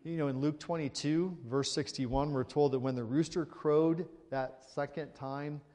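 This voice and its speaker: A man's voice: fairly high pitch, fairly even intonation, measured pace, mellow, big-room sound. A male pastor preaching a sermon in a conversational way, reading scripture aloud and asking the congregation rhetorical questions.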